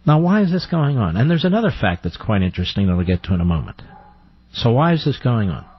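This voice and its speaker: A man hosts a talk radio show, delivering combative commentary laced with sarcasm and pointed rhetorical questions. His voice is husky and sits in a medium register. It comes over a dry, slightly muffled studio recording. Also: mid-range voice, very animated, fast talker. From United States.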